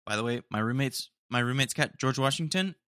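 A man's voice: medium pitch, a little fast, pushed and bright, smooth, dry recording, clean studio sound. A young man hosting a podcast alone, rambling casually and saying "dude" a lot. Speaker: podcast host. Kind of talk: casual solo chat. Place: home room.

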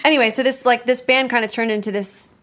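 A woman's voice: a little high, steady tone, sharp tone. A young woman from Nashville, a musician and producer, chatting casually and laughing with her bandmate. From Nashville, USA. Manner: chatty, laughing, quick back-and-forth. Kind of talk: casual chat.

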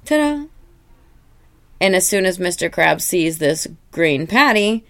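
A woman's voice: lowish voice, unhurried, fairly bright tone. A woman co-hosting a podcast, casually chatting and acting out characters' lines in funny voices. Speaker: podcast co-host. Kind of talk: casual chat recapping a cartoon episode.

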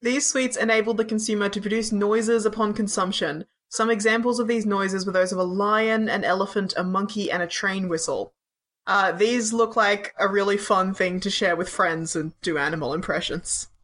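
A woman's voice: medium pitch, fairly even intonation, moderate pace, a bit bright. A woman reading out entries and joking in a casual chat with friends. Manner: reads entries aloud, then jokes. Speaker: reads out sweet descriptions.

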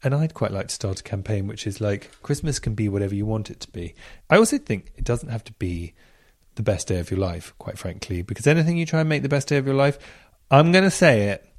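A man hosting a chatty podcast, talking casually and reading out listener stories. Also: medium pitch. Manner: chatty, animated, reads out listener messages. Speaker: podcast host. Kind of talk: casual chat.

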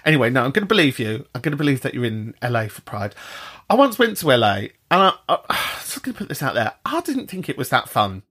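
A British man hosts a podcast in a loose, chatty way, swearing freely. His pitch swings widely as he slips into high mocking voices. The talk is animated and unscripted. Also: quick pace, husky. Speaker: podcast host. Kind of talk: casual chat.

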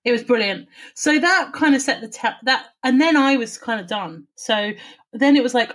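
A woman telling an animated story in casual chat, swearing and laughing as she goes. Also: high voice, normal speed.

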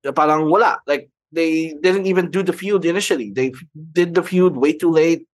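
A man's voice: fairly high pitch, fairly quick, no echo. A man with a Filipino accent co-hosting a podcast, rambling through his thoughts with many fillers and Tagalog mixed into English. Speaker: podcast co-host. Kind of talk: casual podcast chat.

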